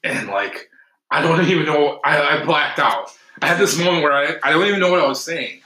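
Name: podcast host. Sex: man. Style: casual storytelling chat, animated and laughing. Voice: bright. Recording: echoey room. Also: on the high side, brisk. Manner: animated, laughing, acts out quotes.

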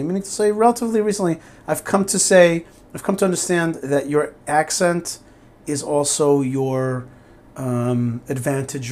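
A man raised in the US talking casually as an interview guest, animated and repeating himself as he restarts. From born in Israel, raised in the US. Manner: animated, repeats words and restarts, emphatic swings in pitch.

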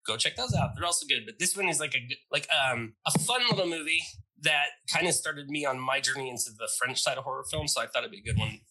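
Fast, bright-voiced male guest, husky, eager casual chatter. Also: medium pitch, poor audio. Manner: fast, enthusiastic, swears freely. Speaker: podcast guest. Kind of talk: casual chat.

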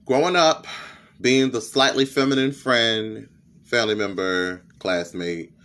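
A man's voice: on the low side, fairly even intonation, unhurried, fairly bright tone. A young man with a lisp, hosting a candid, profane personal podcast monologue. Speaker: podcast host.

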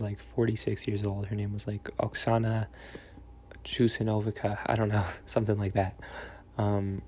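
Young man rambling in a flat, low voice. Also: a little hiss or hum. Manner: rambling, meandering, many fillers and trailing thoughts. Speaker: vlogger. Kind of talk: casual rambling monologue.

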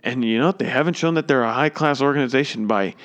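A man's voice: mid-range voice, fast talker, fairly bright tone, lo-fi sound. A man giving an opinionated, emphatic sports commentary, indignant and repeating his points.

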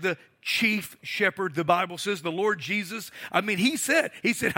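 A man's voice: sits high, pushed and bright. A middle-aged male pastor preaching a sermon, emphatic and asking the congregation for responses.

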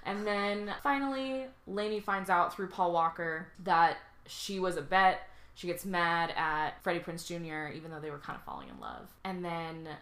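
A woman tells the story of a movie in loose, joking podcast chat, her speech full of asides and casual swearing. Her voice is a little low but bright and forward. The room adds a clear echo around her. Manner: animated, profane storytelling with quick asides. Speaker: podcast guest.

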